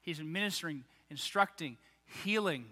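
Guy preaching a sermon, higher voice, really bright and cutting, big church reverb. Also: moderate pace. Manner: animated, acts out quoted voices. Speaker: pastor. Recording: long reverb of a large hall.

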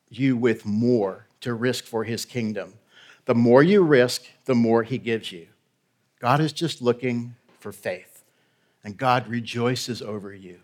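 A man preaches a sermon as a guest pastor at a middle pitch. He talks to the congregation in a direct, conversational way and keeps checking that they are with him. His tone is emphatic and urging.

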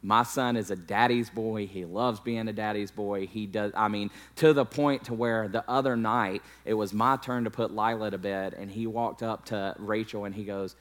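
A man's voice: on the low side, fairly even intonation, normal speed, hardly any pauses. A man in his thirties, a pastor, telling a candid, self-deprecating personal story in a sermon.

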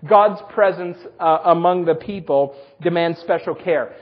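A man preaching a sermon, telling personal stories with self-deprecating humor in a husky voice. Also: a little high, unhurried, dull audio. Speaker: pastor.

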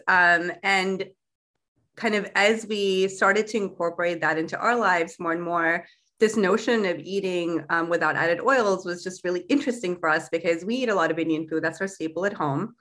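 A young adult woman, a food company founder, chatting as a guest in a casual interview and often filling pauses with um and like. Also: on the low side, a bit bright. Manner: chatty, many fillers like um and like.

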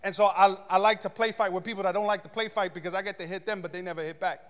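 A man preaching a sermon as pastor, telling a comic story with loud shouts and mock gasping. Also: sits high, steady tone, racing. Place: church sanctuary. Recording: long hall reverb.

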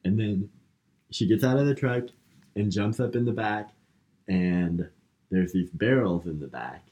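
A man's voice: on the low side, a little slow, mellow. A man co-hosting a podcast, casually retelling a movie plot with lots of fillers. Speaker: podcast co-host. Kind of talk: casual movie recap chat.

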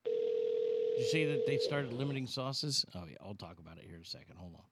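A man's voice: medium pitch, expressive, a little fast, heavy background noise. A man hosting a stream of prank calls, chatting loosely and laughing between bits. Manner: amused, loose, laughing asides. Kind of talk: casual live-stream commentary.

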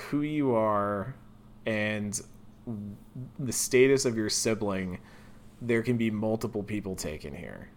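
A man with a fairly low voice talks through a game's story on a casual podcast. He laughs easily, drops the odd curse, and slips into quick character voices. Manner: laughing, swearing, acts out characters. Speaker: podcast co-host. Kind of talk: casual game recap chat.

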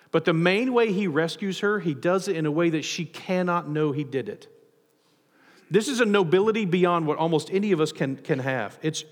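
A man preaching a sermon as a pastor, animated, with frequent restarts and acted-out quotes. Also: on the high side, in a large hall.

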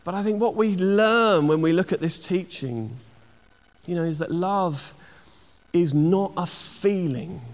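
A man preaching a conversational sermon, full of fillers and restarts, slowing down to stress key words. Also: high voice. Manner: conversational, many fillers and restarts, slows for emphasis. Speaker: pastor. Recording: long hall reverb.

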